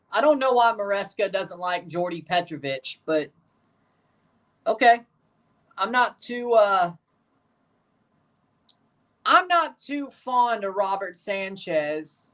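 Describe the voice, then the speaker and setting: A woman's voice: mid-range voice, fairly bright tone, recorded from a distance. A woman hosting a live watchalong stream, chatting with opinions and reacting aloud to the plays as they happen. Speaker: livestream host.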